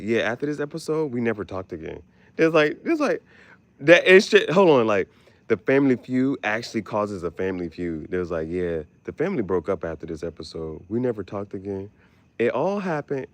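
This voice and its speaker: A man hosting a casual podcast chat, animated and profane, often jumping into squeaky exclamations. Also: a little fast, no room sound. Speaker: podcast host.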